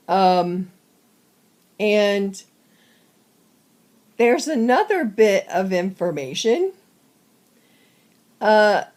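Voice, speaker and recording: Woman vlogger, short of breath, unhurried halting home update, mid-pitched. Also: a little mellow. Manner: slow, halting, many fillers. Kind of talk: casual personal update.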